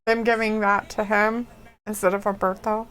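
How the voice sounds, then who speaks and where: A woman's voice: medium pitch, little pitch movement, fairly bright tone, clear, resonant tone. A woman co-hosting a wrestling watch-along stream, chatting casually, giggling often and swearing freely. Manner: giggly, swears a lot, mimics wrestlers in quick asides. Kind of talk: casual chat.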